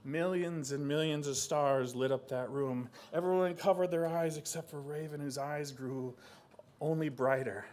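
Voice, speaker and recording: A man telling a traditional story aloud with animated delivery, acting out voices and sound effects. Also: fairly high pitch, moderate pace. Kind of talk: live oral storytelling.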